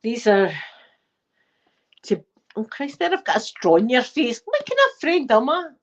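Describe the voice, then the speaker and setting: This channel host is an older woman with a Scottish accent, talking casually and cheekily at home while out of breath. Her fairly high voice swings hugely in pitch and moves a little slowly, captured on a slightly dull lo-fi recording.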